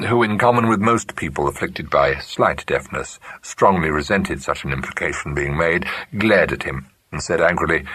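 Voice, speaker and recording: A man giving a measured, expressive narration of a classic mystery novel. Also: rumbling low, husky, dry recording. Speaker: audiobook narrator. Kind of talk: scripted narration.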